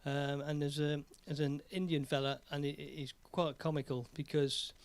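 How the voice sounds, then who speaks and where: A man's voice: fairly high pitch, level tone, moderate pace, clear, resonant tone. An English man hosting his own music live stream, chatting in a rambling, jokey way. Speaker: live stream host and singer. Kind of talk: casual live stream chat.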